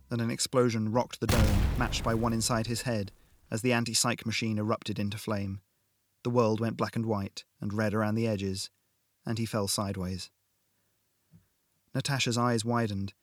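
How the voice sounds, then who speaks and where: A man reading an action science fiction audiobook in a steady, dramatic narration style. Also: fairly low pitch, normal speed, dry recording, clean studio sound. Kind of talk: scripted narration. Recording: music bed under narration.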